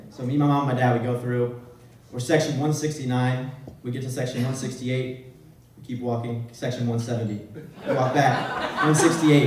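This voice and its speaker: A man's voice: medium pitch, brisk. Young guy telling a funny story at a party, super roomy echo, mic far off. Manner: animated, laughing storyteller. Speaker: speaker at a celebration event. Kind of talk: storytelling speech. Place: large echoey event room. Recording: roomy echo, distant mic, faint room noise.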